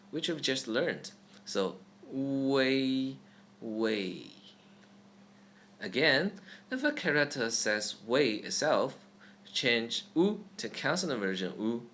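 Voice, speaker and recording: A man's voice: mid-range voice, big pitch swings, a bit bright, a little hiss or hum. A man teaching pronunciation step by step, saying each sound over and over with care. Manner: slow, careful, demonstrating sounds repeatedly. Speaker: language teacher. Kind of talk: pronunciation lesson.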